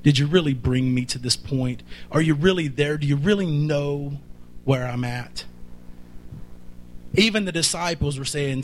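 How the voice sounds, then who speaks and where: A man's voice: on the high side, normal speed, slight background noise. A man preaching a sermon, emphatic and full of repeated rhetorical questions.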